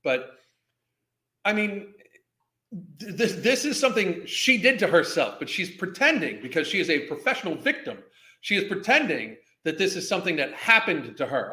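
A high-pitched man with a sharp, bright edge rants in anger, mocking and swearing through every line. His voice carries in an echoey room. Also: very animated, normal speed. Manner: angry, mocking, heavy swearing. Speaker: commentary host. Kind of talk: profane ranting commentary.

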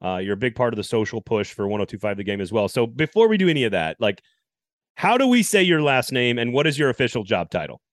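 A man's voice: mid-range voice, big pitch swings, quick pace, dry recording, clean studio sound. A man hosting a casual podcast interview who asks loose, rambling questions. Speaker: podcast host.

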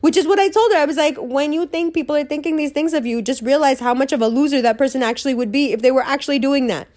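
A woman with a New York accent, her voice sitting a little high. She talks in a brash, profane, animated way, acting out quick bits of dialogue as she hands out blunt advice. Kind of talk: blunt monologue giving life advice.

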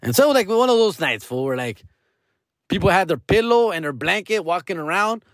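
A man's voice: sits high, expressive, moderate pace, dry recording, clean studio sound. Slangy, profane man telling a story. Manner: slangy and profane, mixing in Spanish; peppers talk with "fool" and "dog". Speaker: actor vlogging to followers. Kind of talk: casual storytelling vlog.

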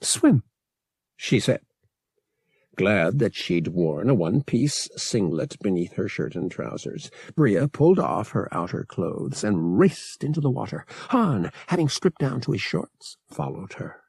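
Gravelly, slow male audiobook narrator. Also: fairly low pitch, no echo, studio quality. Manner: measured, expressive storytelling.

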